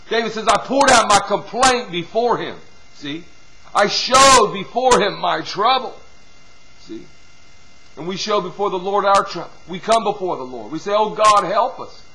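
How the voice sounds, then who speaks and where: A man delivering a sermon in a high, bright, sharp voice. He swings between loud appeals and hushed passages, repeatedly dropping in "see?" and "hallelujah.". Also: low-quality recording. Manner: swings from loud exhortation to hushed near-whispers; repetitive, punctuated with "see?" and "hallelujah". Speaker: preacher.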